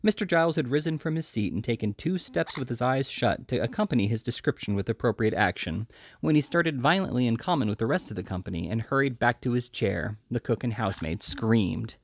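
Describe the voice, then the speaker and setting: A man reading a classic novel aloud as an audiobook, lively and expressive, with small slips and restarts. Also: medium pitch, brisk, gravelly, no echo. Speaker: audiobook reader.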